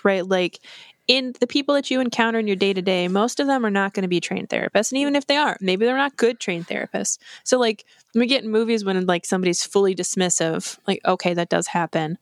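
A woman's voice: mid-range voice, no room sound, studio quality. Chatty woman recapping a horror film. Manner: animated, swears freely, acts out characters' lines in quick impressions. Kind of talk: casual chat.

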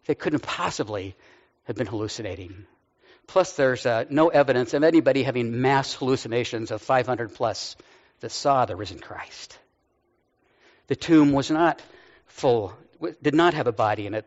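A man's voice: medium pitch, normal speed. A man in his sixties preaching a sermon, telling the story conversationally with light humor. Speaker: pastor. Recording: dull audio with long hall reverb.

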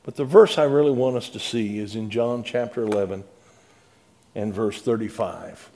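A male pastor preaching in a conversational way, repeating words and swinging between soft, quiet passages and louder, emphatic ones. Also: lowish voice, normal speed. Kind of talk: sermon.

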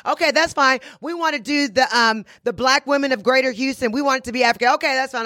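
A sassy, blunt woman hosts her own talk show, hammering points home by repeating lines and bragging on herself. Her voice is bright and forceful, recorded dry and close with no room around it. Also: high voice, fast, few pauses, dry recording. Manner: sassy, emphatic, repeats phrases for punch; blunt, boastful self-talk. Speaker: podcast and radio host. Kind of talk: casual monologue.

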